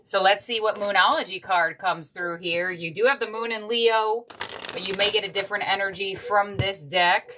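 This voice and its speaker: A woman's voice: medium pitch, normal speed, sharp tone, a little hiss or hum. A woman giving a casual tarot reading, chatty and heartfelt, thinking aloud as she goes. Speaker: tarot reader.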